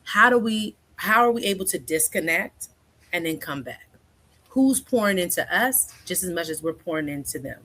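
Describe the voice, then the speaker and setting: A woman in her forties speaks as a counselor and guest in a relaxed conversation. Her voice sits a little low. She talks freely and keeps tagging her points with "right?". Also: moderate pace. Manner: chatty, keeps asking "right?", acts out quoted speech. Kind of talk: casual conversational interview.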